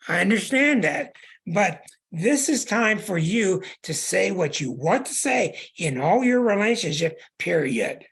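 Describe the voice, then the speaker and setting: On a call-in show, a male astrologer reads a caller's chart in a husky, slightly rough voice that's a bit bright. He's plain-spoken, repeating himself for emphasis as his pitch swings widely to drive his points home.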